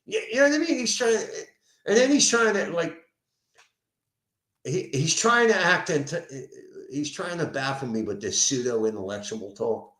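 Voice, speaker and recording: A man with a Philadelphia accent, a sober house manager, telling a story at home in an animated, profane way. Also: a little high, moderate pace. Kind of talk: casual venting monologue. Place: indoors at home. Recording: roomy echo.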